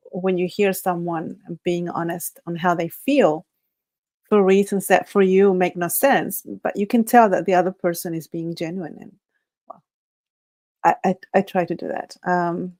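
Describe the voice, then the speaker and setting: Livestream host: woman, native Spanish speaker, lowish voice, halting and self-conscious, restarts often. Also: steady tone, darkish tone. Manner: halting, many restarts and nervous laughs. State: nervous. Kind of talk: casual livestream chat.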